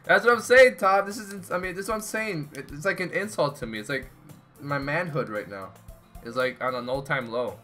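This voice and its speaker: High-pitched and fast, this young gaming streamer barely pauses, his tone sharp over soft background music. Talking to chat and friends, he rambles casually and swears out of exasperation.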